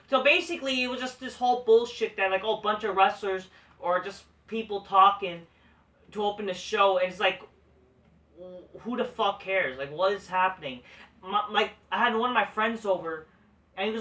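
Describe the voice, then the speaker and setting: A man's voice: sits high, pushed and bright, distant mic. A man hosting a wrestling review vlog, ranting with heavy profanity and frequent restarts. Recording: echoey room, voice off-mic.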